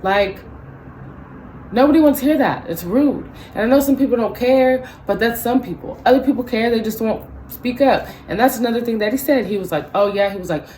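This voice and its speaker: Animated ranting young woman vlogger. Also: fairly high pitch, a little fast, slight background noise, poor audio. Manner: animated, profane, acts out both sides of the story. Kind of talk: ranting storytime vlog.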